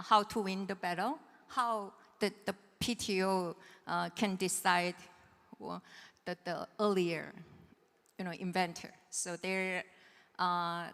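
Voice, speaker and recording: A woman's voice: mid-range voice, a bit bright. A woman presenting a technical lecture at a seminar, explaining step by step and checking in with her listeners. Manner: patient, checks understanding with "right?". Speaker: seminar presenter on patent law. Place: seminar hall. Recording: reverberant lecture hall.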